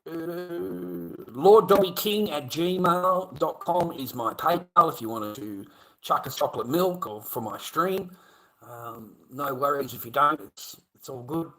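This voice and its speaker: A man's voice: mid-range voice, expressive, unhurried, pushed and bright, poor audio. An Australian man in a mid-range voice rambles through a casual livestream chat. He swears constantly, repeats himself and lets his words trail off into mumbling.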